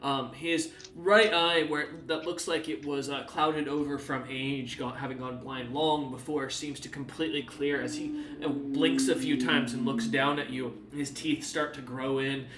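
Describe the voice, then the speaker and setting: A man's voice: medium pitch, fairly even intonation, unhurried, hardly any pauses, a bit bright. A man narrating as the game master of a tabletop game, descriptive and full of fillers. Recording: echoey room, distant mic.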